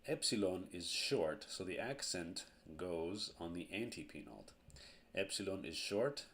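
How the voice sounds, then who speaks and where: A man teaching a grammar lesson at a board, slow and deliberate, repeating each verb form. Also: sits low, sing-song, fairly bright tone, a little hiss or hum.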